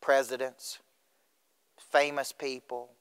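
A man's voice: medium pitch, little pitch movement, slow, a bit bright, clear, resonant tone. A middle-aged man giving a motivational speech, questioning the audience directly. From Tennessee. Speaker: motivational speaker. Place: school auditorium. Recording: reverberant auditorium.

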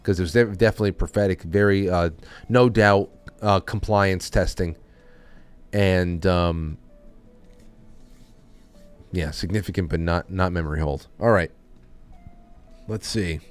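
A man's voice: low voice, fairly even intonation, unhurried, pauses often, smooth, faint music behind. A man hosting a podcast, talking in a loose, rambling way with many restarts. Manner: rambling, with frequent restarts and trailing off. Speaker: podcast host. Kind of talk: casual chat.

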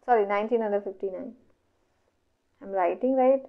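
A woman talks at a medium pitch and moderate pace in an Indian English accent while teaching an online exam revision class. She goes step by step through the questions, asking herself questions and answering them. The recording is dull lo-fi.

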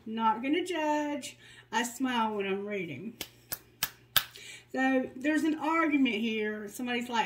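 A woman with a slightly high voice gives a tarot reading. She reads the card messages in a soothing, guiding tone. Between them she drops candid, joking remarks. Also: unhurried, slight background noise, poor audio. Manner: candid and joking, with blunt asides. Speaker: tarot reader.

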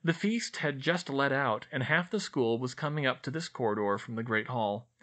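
Man, audiobook narration, lively pitch, bright, expressive. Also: normal speed. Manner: expressive, animated reading.

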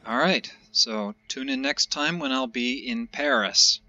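A man's voice: mid-range voice, measured pace, sharp tone, muffled recording, a little hiss or hum. Exasperated man grumbling through a game. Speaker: let's play gamer. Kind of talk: let's play commentary.

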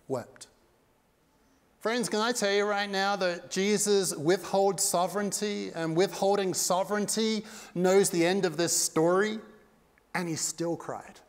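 A male pastor with a high voice preaches with passion, dropping to a near-hush and then surging again. His voice rings out with the long reverb of a church hall. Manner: impassioned preaching that swings from loud to hushed. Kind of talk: sermon. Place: church sanctuary.

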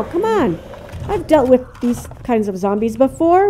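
An older woman giving let's play commentary, jumpy, cursing and talking to the game out loud. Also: sits high, big pitch swings, normal speed, a little hiss or hum. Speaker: gamer.

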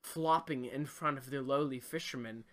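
A man's voice: medium pitch, moderate pace, a bit bright. A man co-hosting a comedy podcast, narrating an improvised tale in mock-grand wording with giggles. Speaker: podcast co-host.

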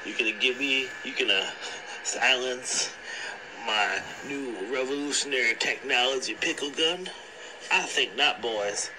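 A man voicing a cocky male gangster in a prank phone message, taunting in a high, strained voice. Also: a little slow, background noise, lightly acted. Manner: high strained taunting, calls everyone boy. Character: cocky male gangster, pickle-gun braggart.

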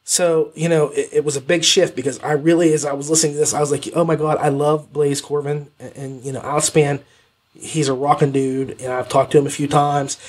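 A male podcast host reviews audiobooks in loose, unscripted chat. His voice is slightly husky and sits a little high for a man. He rambles and stumbles through fillers and restarts as he goes. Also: a little fast. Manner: rambling, animated, self-correcting with many fillers. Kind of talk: casual spoken review.

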